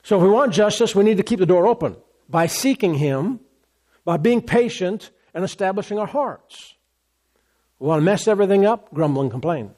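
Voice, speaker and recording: A man preaching a sermon as a pastor, animated, acting out complaining voices along the way. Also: high-pitched, normal speed.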